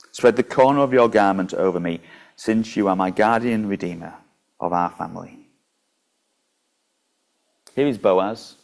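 Low-voiced man preaching. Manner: conversational, with small slips and restarts. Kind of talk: sermon with bible reading.

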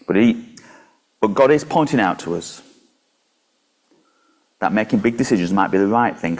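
A man's voice: on the low side, a little mellow. A man preaching a sermon and reading scripture aloud in a conversational way, with small slips and restarts.

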